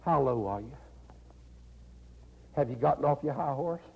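Gravelly North Carolina preacher with lively pitch. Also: male voice, moderate pace, background noise. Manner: folksy, laughing, animated preaching with repeated "you know". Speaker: pastor. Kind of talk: sermon. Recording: dull lo-fi recording in a reverberant hall.

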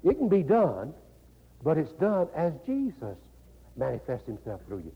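Older male pastor, North Carolina accent, folksy sermon style; high, lively pitch, raspy gravel, lo-fi hall sound. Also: normal speed. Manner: folksy, laughing, animated preaching with repeated "you know". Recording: dull lo-fi recording in a reverberant hall.

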